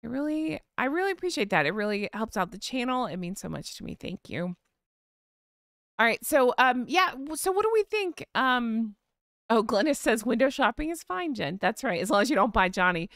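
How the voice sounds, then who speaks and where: A woman's voice: on the high side, big pitch swings, normal speed, a bit bright, no echo, studio quality. A woman with a Southern US accent, hosting a casual live-stream chat in a gossipy, giggly way. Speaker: host.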